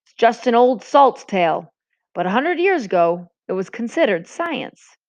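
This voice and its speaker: A woman's voice: fairly high pitch, very animated, measured pace, creaky, no echo, pitched above the performer's own voice, full character voice. A woman reading aloud and voicing a rambling, good-natured old sea captain in a storybook, over a dull lo-fi recording. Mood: genial. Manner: rambling, chuckling.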